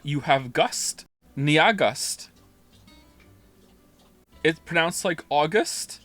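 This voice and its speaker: Bright-voiced rambling male streamer. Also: a little high, no echo. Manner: rambling, self-interrupting, reading chat aloud. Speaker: live streamer playing a game. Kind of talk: casual live-stream commentary.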